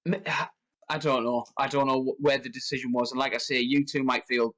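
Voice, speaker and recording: A man co-hosting a film podcast, talking in a rambling, animated way that jumps up in pitch when he rants. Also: a little fast, poor audio. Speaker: podcast co-host. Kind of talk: casual film discussion.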